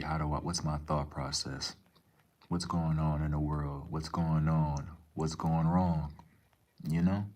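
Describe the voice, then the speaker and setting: Very deep flat-voiced male streamer. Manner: profane, laid-back, rambling slang. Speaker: live streamer reading chat. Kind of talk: casual livestream chat.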